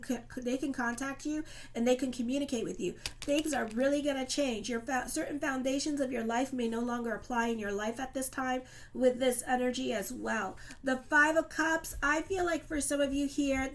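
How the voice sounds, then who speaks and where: A woman with a slightly high voice reads tarot cards for her viewers in a relaxed, conversational way. She keeps her talk loose and colloquial, with plenty of "okay" and "you know". Her tone stays earnest and reassuring as she speaks directly to her audience. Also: slight background noise. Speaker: astrologer and tarot reader. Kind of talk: casual tarot reading to camera.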